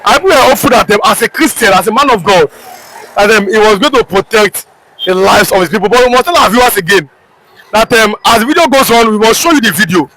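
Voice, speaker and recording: A man's voice: sits high, lively intonation, quick pace, fairly bright tone, poor audio. A man with a Nigerian English accent hosting an online news talk show, urgently repeating headlines and viewer appeals. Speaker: host.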